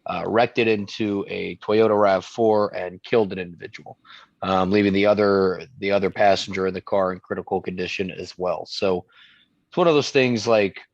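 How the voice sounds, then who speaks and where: A man's voice: deep voice, fairly even intonation, moderate pace, creaky, no room sound, highs cut off. A young man co-hosting a podcast, chatting casually and rambling through stories with many restarts. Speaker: podcast co-host. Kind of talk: casual chat.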